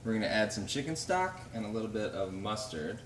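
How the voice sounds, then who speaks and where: A man casually chatting while cooking, relaxed and repeating phrases. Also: fairly low pitch, a little fast, distant mic. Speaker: cook. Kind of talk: casual cooking demo chat. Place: kitchen. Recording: echoey kitchen, mic from afar, noisy. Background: frying and sizzling.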